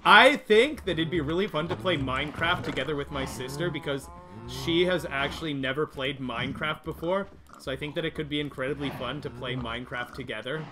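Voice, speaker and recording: A young man streaming a video game live, chatting with his viewers, reading their messages and yelling in frustration when things go wrong. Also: mid-range voice, background noise. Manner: excitable, yells in frustration when dying; reads and answers chat. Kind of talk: live gaming stream commentary.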